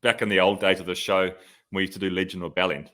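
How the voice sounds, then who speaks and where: A man's voice: sits low, level tone, fast, a bit bright. A man, a podcast co-host and former pro cyclist, telling stories in casual chat, full of "like" fillers. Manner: storytelling, lots of "like" fillers.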